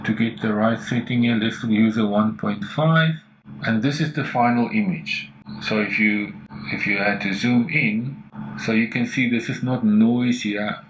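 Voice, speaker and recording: A man's voice: on the low side, steady tone, a little slow, slight background noise, poor audio. A man teaching photo editing, talking enthusiastically and thinking aloud as he adjusts settings. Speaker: photography tutor. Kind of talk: screen-recorded editing tutorial.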